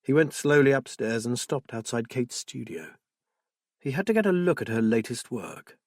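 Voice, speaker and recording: Husky male audiobook narrator. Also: mid-range voice, expressive, normal speed, darkish tone, no room sound, clean studio sound. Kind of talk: scripted narration.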